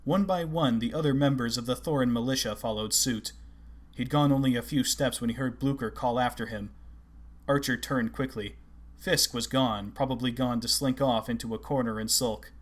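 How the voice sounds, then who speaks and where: A man narrates an audiobook in a steady, measured reading. His voice sits in a middle pitch.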